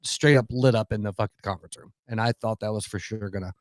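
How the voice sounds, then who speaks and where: A man's voice: on the low side, fast talker, no echo, studio quality. A man co-hosting a podcast in casual chat, swearing freely in loose banter. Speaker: podcast co-host.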